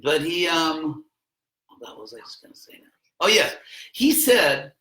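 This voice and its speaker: Male teacher, bright and energetic, conversational lecture to students in an echoey classroom. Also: a little high, brisk. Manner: conversational, jokey asides, acts out quotes with a raised voice. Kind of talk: informal philosophy lesson to students.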